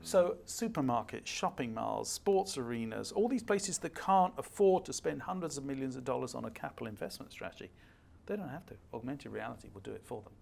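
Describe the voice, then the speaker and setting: A man's voice: mid-range voice, very animated, a little fast, vocal fry, a little mellow, a little hiss or hum. An older man, a guest speaker at a fireside chat, telling stories emphatically and acting out the dialogue.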